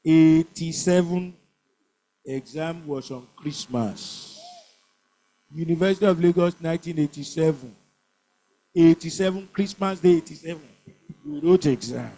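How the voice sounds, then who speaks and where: An older man with a Nigerian accent teaching an exam revision class, calling out words and slowly drilling pronunciation and stress. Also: on the high side, creaky, warm tone. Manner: drills answers by call and repeat, stresses syllables slowly.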